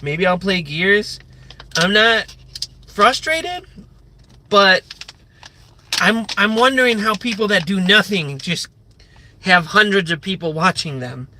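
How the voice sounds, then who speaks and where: On a casual live stream, a high-voiced man rambles loosely and swears freely, leaning heavily on "like." His tone is bright and forceful, his pace unhurried, and the talk sounds unscripted and off-the-cuff. Slight background noise can be heard.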